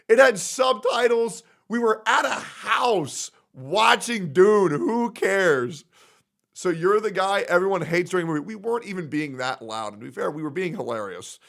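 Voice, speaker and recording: A man streaming live, ranting loudly and profanely, swinging between shouts and low mutters. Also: very animated, normal speed, gravelly. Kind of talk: ranting casual chat.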